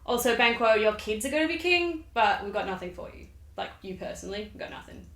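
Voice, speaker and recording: Squealing, giddy witches hand out prophecies in breezy slang, pitched well above a normal speaking voice, as a woman puts them on. The voice rings in an echoey room. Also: lively intonation, fast talker, a bit bright. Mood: teasing.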